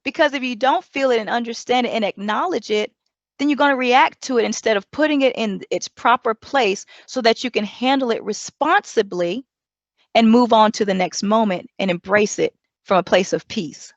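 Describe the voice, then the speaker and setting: Woman doing a pep talk, kinda high voice, stretches words out slow, dry muffled sound. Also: no room sound. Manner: animated, stretches key words slowly for emphasis; acts out inner dialogue. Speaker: motivational speaker. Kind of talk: motivational talk.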